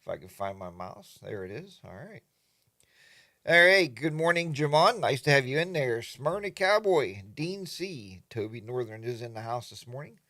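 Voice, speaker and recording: A man's voice: mid-range voice, very animated, normal speed, bright, forceful tone, dry recording. A man hosting a casual morning livestream from his home studio, greeting viewers by name and rambling along with plenty of fillers. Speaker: livestream host.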